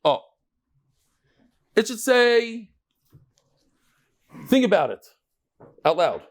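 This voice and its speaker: A middle-aged man leads a daily Talmud class in front of a live room of students. His voice sits fairly high, and he talks in an animated way, firing off questions and answering them himself. He breaks off now and then to banter with people in the room. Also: normal speed, long pauses. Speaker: Talmud teacher.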